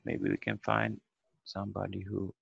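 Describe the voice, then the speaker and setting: A man's voice: low-pitched, completely flat delivery, moderate pace, vocal fry, husky, no room sound. A man teaching a beginner language class online, patient and methodical, breaking words into syllables over a video call. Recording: dull lo-fi video call audio.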